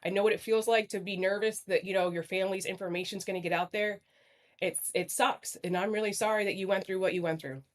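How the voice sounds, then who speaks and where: A woman's voice: mid-range voice, steady tone, quick pace. A woman talking bluntly and apologetically on a livestream panel over a video call, swearing often. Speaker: stream panel guest. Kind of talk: candid livestream chat.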